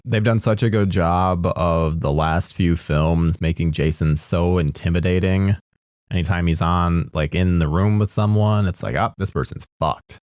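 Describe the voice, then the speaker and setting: A man's voice: deep voice, unhurried, a little mellow, no echo, clean studio sound. A man co-hosting a podcast in casual chat, asking exasperated, incredulous questions. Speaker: podcast co-host.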